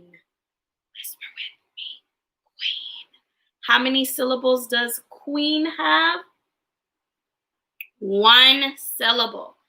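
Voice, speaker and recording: A woman teaching a livestreamed phonics lesson to young children, in a slow, sing-song way. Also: high-pitched, pushed and bright. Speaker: kindergarten teacher.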